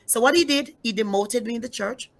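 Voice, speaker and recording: A middle-aged woman pastor telling her life story in an interview, with a gravelly, husky voice. She is emphatic and repeats her key lines for weight. She often turns to address her listeners directly. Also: a little high, brisk. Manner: emphatic, repeats key phrases, speaks straight to the audience. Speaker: pastor giving her testimony. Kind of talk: emotional personal testimony in an interview.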